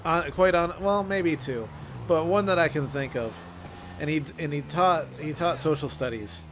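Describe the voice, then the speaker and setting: A young man chatting casually on a gaming stream, swearing and laughing often, telling stories and breaking into loud impressions. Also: fairly high pitch, normal speed, noisy background. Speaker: streamer co-host.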